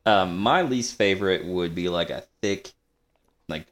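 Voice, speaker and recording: A man's voice: deep voice, a little slow, a bit bright. A man co-hosting a podcast in easygoing, joking casual chat, often searching for his words. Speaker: podcast co-host.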